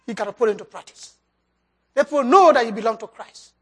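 A preacher giving a sermon and altar call, swinging between loud emphasis and soft drops, with loose grammar. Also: medium pitch, expressive, quick pace, husky. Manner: loose, nonstandard English grammar.

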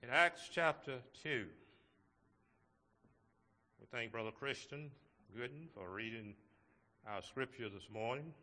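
A man preaching a sermon to his congregation in a slow, measured way, with emphatic rises on key words. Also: mid-range voice, sharp tone, long reverb tail. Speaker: pastor.

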